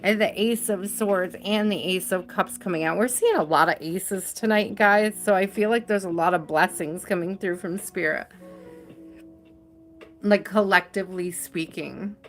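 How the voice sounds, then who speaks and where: A woman hosting a live tarot reading, talking to her viewers in a chatty, affectionate way and stretching out the words she stresses. She sounds tired and keeps yawning as she goes on. Soft music plays faintly behind her. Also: lowish voice. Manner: chatty and affectionate, drawn-out stresses, frequent laughs. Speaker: tarot reader.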